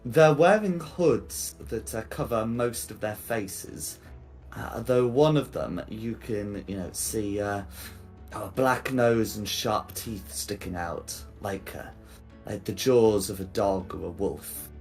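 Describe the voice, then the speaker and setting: A man narrating a tabletop game as game master, pausing often with fillers. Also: on the low side, a little mellow, soft background music. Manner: hesitant, many fillers.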